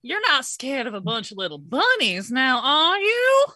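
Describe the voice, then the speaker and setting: Woman, tabletop player, very bouncy pitch, bright voice, teasing banter. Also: wildly swooping pitch, unhurried, dry recording, clean studio sound. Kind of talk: casual chat and in-character banter.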